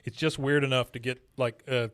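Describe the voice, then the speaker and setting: A man's voice: mid-range voice, steady tone, brisk, fairly bright tone, clean tone, dry recording. Chatty man recapping in a dry room. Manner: chatty, laughs often, many fillers. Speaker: podcast host. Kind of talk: casual episode recap.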